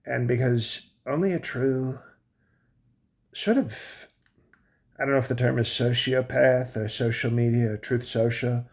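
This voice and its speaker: A man's voice: mid-range voice, unhurried, lightly acted. A man playing a boastful older male president in his late seventies, who rambles, trails off and restarts his sentences in a comic monologue. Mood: boastful rambling.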